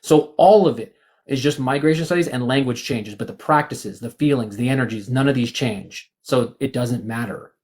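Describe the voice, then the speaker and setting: A man's voice: medium pitch, normal speed, a little mellow. A man joining a casual group discussion, talking bluntly with profanity and lots of stammered restarts. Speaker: guest.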